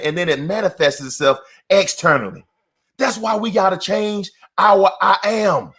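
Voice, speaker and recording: A man's voice: high voice, bright, forceful tone. A middle-aged man giving a motivational talk in an emphatic, repetitive, preacher-like cadence. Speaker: motivational speaker.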